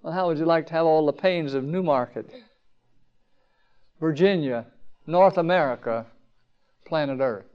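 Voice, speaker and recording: High-voiced preacher man, lo-fi sermon. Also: normal speed, pauses often, smooth. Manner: rhetorical questions, rising to emphatic peaks then dropping low. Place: campground meeting.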